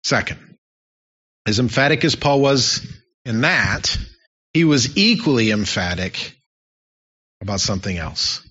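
A man's voice: mid-range voice, big pitch swings, measured pace, pauses often, sharp tone, breathy edge. A man preaching a sermon as pastor, emphatic and repeating his key phrases for effect. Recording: dull lo-fi sound.

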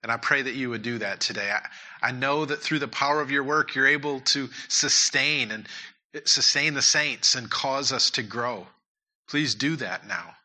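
A man's voice: mid-range voice, moderate pace, bright, forceful tone. A man preaching a sermon and leading prayer in a church, earnest and repeating his key points. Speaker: pastor.

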